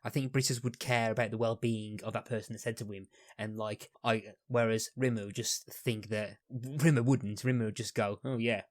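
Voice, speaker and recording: A man's voice: fairly low pitch, steady tone, moderate pace, hardly any pauses, no room sound. Rambling male podcast host, dry sound. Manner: rambling, many restarts and fillers. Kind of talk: casual podcast chat.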